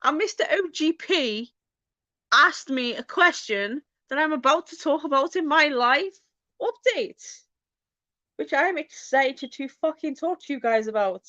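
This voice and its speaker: A woman vlogging in casual chat, talking in a halting, hesitant way with many fillers. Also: sits high, lively intonation, pushed and bright, no room sound, lo-fi sound.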